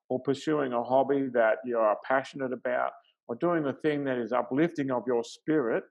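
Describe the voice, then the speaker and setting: A man's voice: mid-range voice, poor audio. A middle-aged man hosting a talk show as a life coach, thinking aloud in a conversational way and chuckling easily.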